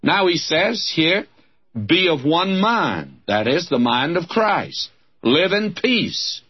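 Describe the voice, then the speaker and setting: A Southern American man preaches a fervent radio sermon, his husky voice swinging widely up and down in pitch. He calls out warmly to his listeners as friends with exclamations of praise. The recording sounds dull and lo-fi, like an old broadcast. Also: big pitch swings, slow pace. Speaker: radio Bible teacher.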